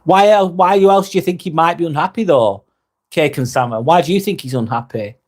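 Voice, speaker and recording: Man, live vlog host, casual chat, reads comments aloud, slightly higher voice. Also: fairly quick. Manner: chatty, reads viewer comments aloud and answers them warmly.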